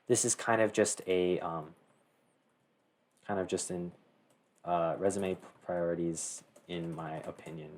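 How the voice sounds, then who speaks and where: A man's voice: deep voice, steady tone, unhurried, pauses often, a little mellow, slight background noise. A teenage boy casually talking through a screen-share tutorial, rambling with many fillers and self-corrections. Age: teens. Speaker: tutorial host.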